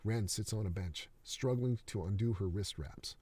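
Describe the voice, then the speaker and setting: Low, husky man reading a screenplay. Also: normal speed, warm tone. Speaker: writer reading his screenplay. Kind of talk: screenplay read-aloud.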